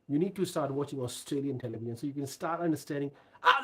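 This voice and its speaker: Husky-voiced man giving animated career advice. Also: on the high side, a little fast, hardly any pauses. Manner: animated storytelling, emphatic. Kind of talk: casual live Q&A talk.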